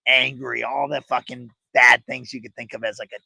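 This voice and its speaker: A man with a gravelly, bright edge to his voice recounts stories in a relaxed, profane way. He talks in a casual chat style, often reflective. The sound is close and dry. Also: mid-range voice, moderate pace, dry recording. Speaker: podcast co-host.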